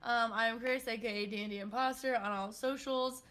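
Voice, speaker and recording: A woman's voice: fairly high pitch, fairly even intonation, normal speed, fairly bright tone. A woman playing in a tabletop game, talking in a jokey and slightly nervous, teasing way. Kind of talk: casual chat.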